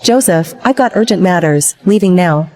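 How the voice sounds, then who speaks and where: A woman's voice: on the low side, animated, normal speed, mellow, close to an everyday voice. An actress playing a young woman secretary, reborn and scheming, in a dubbed drama, with playful spoken asides. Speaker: secretary Rachel.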